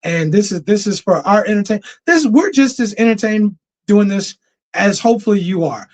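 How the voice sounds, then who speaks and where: A man's voice: high-pitched, animated, normal speed. A man hosting a casual livestream, talking loosely in slang with laughs and restarts. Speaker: livestream host. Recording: dull lo-fi stream audio.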